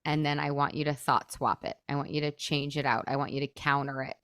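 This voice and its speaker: Chatty woman coach, lowish dry voice. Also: little pitch movement, fairly quick, a bit bright, clear, resonant tone, dry recording. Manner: chatty, peppered with "like", acts out inner thoughts. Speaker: weight loss coach and podcast host. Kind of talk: casual coaching on a podcast.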